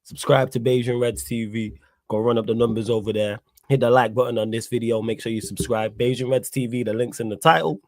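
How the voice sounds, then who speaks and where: A man's voice: medium pitch, steady tone, brisk, no room sound. A man hosting a live stream, chatting casually about football with street slang and a laid-back manner. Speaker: livestream host.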